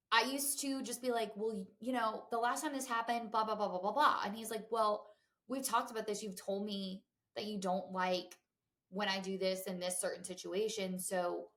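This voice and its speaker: A woman. She's candid and chatty, tossing in fillers and side remarks, in a voice of ordinary pitch for a woman. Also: a bit bright. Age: 20s. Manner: chatty and candid, lots of fillers and asides to listeners. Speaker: podcast host. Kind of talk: casual chat.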